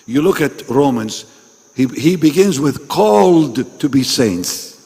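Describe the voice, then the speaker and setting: A man's voice: medium pitch, animated, takes it slowly, darkish tone, breathy edge. A man preaching a sermon at a pastors' meeting. He is emphatic, repeats his phrases and questions the audience directly. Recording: long reverb in a large hall.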